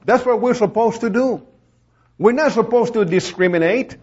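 A man with a high voice preaches from the pulpit, telling his story in a lively way and playing out the voices of the people in it. The recording is dull and lo-fi. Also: moderate pace, slightly rough. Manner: storytelling, acts out quoted voices, laughs often. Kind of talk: sermon testimony.

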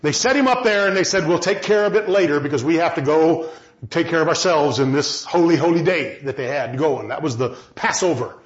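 A man preaching with a high, lively voice that rises to shouts and falls to quiet. He is heard in a roomy space on a slightly dull recording. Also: fairly quick. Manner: impassioned, swings from loud shouting to low quiet. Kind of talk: sermon.

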